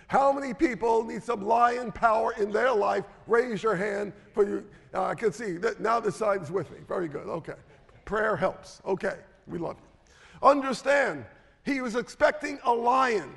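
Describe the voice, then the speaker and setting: A man preaching a sermon as a guest speaker, emphatic, swinging from shouted lines to hushed asides. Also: sits high, measured pace, vocal fry, in a large hall.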